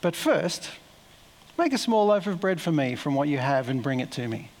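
Elijah, a calm wandering prophet, as a preacher quotes him. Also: male voice, a little high, moderate pace. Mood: asking. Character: travel-worn male prophet, calm and direct.

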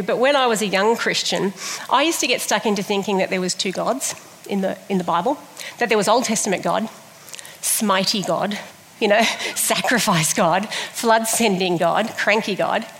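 A middle-aged woman giving a sermon, chatty and humorous, telling stories with animated delivery. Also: mid-range voice, moderate pace. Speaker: preacher. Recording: long hall reverb.

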